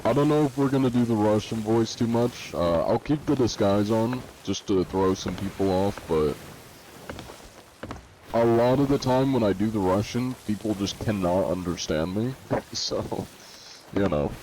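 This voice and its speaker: A man chats casually through a live gaming stream, reading out viewer comments and tossing back joking answers with the odd chuckle. His voice sits somewhat low and sounds warm and mellow, picked up on a desk mic with a faint hiss of noise underneath. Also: moderate pace. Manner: reads viewer comments aloud and answers them offhandedly. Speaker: live streamer playing a pirate game.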